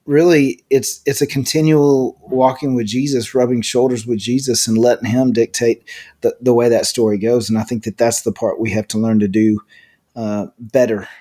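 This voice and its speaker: A man's voice: mid-range voice, steady tone, normal speed, dark tone. Earnest man, stumbling restarts. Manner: earnest, repeats words when starting sentences. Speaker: pastor and podcast co-host. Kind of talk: casual faith conversation.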